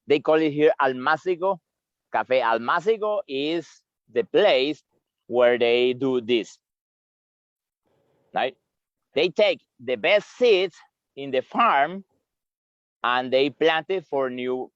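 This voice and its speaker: A man giving a tour guide's outdoor talk on a farm, halting and repeating words as he explains. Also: mid-range voice, animated, no room sound. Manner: halting, repeats words, chuckles while eating. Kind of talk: live virtual tour explanation. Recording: dry, slightly dull lo-fi sound.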